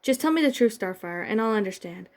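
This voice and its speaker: A woman voicing a guarded, quick-tempered teen girl sorceress with a stern, snapping manner in a fan-fiction reading. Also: medium pitch, expressive, a little mellow, natural voice.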